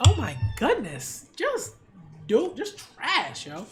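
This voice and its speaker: A woman's voice: high voice, wildly swooping pitch, slow, music in the background. A woman reacting to an anime episode in a casual, slangy, exclamatory way. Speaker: manga and anime reviewer.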